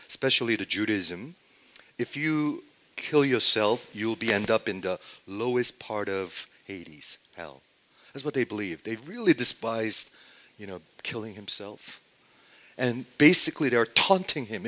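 A man's voice: mid-range voice, animated, measured pace. Man preaching with sweeping dynamics. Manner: dynamic preaching, swings from loud to near-hushed; asks the congregation rhetorical questions. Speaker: pastor. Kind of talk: sermon.

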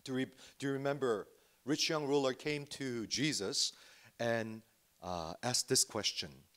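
A man preaching a Sunday sermon as pastor, earnest and deliberate, pausing often with "uh" and repeating words for emphasis. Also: mid-range voice, fairly bright tone. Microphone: remote livestream worship.

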